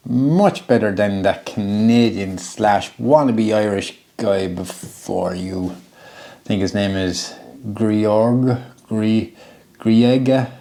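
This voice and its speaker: A man putting on a slow, deep male voice-over announcer voice. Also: warm tone. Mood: mocking.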